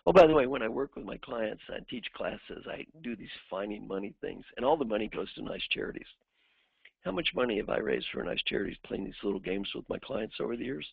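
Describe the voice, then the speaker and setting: A man's voice: lowish voice, animated, brisk, gravelly, slightly rough, no room sound. A man who works as an executive coach gives a lecture full of anecdotes and acts out the people in his stories. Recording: dry, phone-like narrowband sound.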